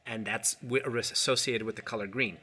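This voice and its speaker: A man as a qigong instructor guest, talking earnestly in a halting way with many restarts. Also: lowish voice, fairly even intonation, bright, forceful tone, a little hiss or hum. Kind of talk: casual interview chat.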